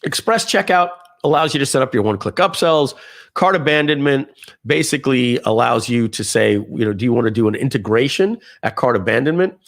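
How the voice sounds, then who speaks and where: A man giving a casual live software demo, talking viewers through settings with fillers and asides. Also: mid-range voice, fairly quick, vocal fry. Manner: lively, conversational, with frequent fillers and asides. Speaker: software trainer.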